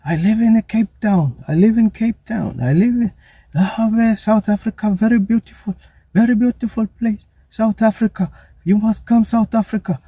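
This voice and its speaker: A man voicing an excitable foreign man who gushes in broken English about his new home. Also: moderate pace, breathy edge, no echo. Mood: gushing. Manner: high, breathless, broken-English raving.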